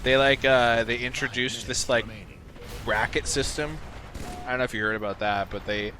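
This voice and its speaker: Young male co-host, rambly and filler-heavy, mid-pitch, game gunfire behind. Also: fairly even intonation, normal speed. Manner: rambling, many fillers and restarts. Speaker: podcast co-host and gamer. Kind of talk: casual chat while gaming. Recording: game sound noise behind. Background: video game gunfire.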